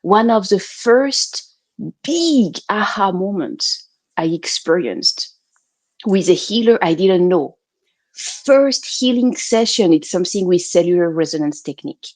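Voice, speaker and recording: French-accented woman, slow and animated. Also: medium pitch, no room sound. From France. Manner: animated, laughs often, restarts phrases. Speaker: guest. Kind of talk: casual interview chat.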